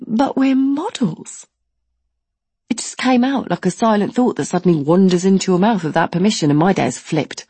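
A woman doing stand-up storytelling, animated and sweary, with big exaggerations. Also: on the low side, breathy edge, no room sound. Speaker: comedian.

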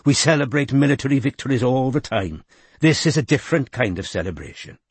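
A man voicing a stately older woman minister with a Welsh accent, speaking in a deep, melodious, composed way. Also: animated, brisk, breathy edge, no echo.

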